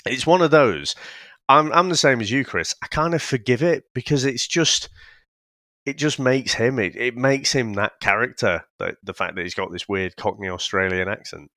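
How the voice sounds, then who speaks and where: A man's voice: mid-range voice, animated, normal speed, bright, forceful tone, no echo, clean studio sound. A man with a northern English accent co-hosting a casual review podcast, rambling and swearing freely with lots of restarts. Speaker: podcast co-host.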